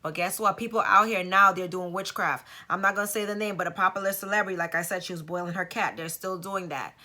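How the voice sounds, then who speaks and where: A woman talks straight to her viewers in a casual storytelling monologue. Her voice is bright and forward. She speaks emphatically and keeps turning to the listener with rhetorical asides. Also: on the low side, fairly even intonation, fast talker. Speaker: vlogger.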